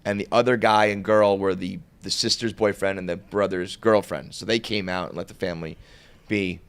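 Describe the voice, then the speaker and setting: A man's voice: low voice, fairly even intonation, moderate pace, clear, resonant tone. A young man telling a long, rambling story on a podcast, full of "like" and laughing at his own tale.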